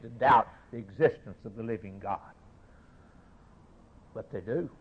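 A man preaching a sermon, rising to loud rhetorical questions and dropping low again. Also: measured pace, long pauses. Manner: declamatory, swelling to raised rhetorical questions then dropping low. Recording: tinny phone-like sermon recording.

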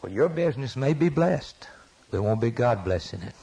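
A man preaching a sermon with passion, his voice rising to sudden loud peaks. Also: mid-range voice, lively intonation, moderate pace, creaky, husky, low-quality recording.

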